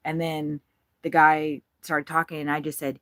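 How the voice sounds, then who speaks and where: An American woman who vlogs about birds narrates what's happening at her feeders from an RV at a campground, giggling and swearing freely throughout. Her voice sits low, fairly bright, with a flat delivery at a moderate pace, and the recording is dry.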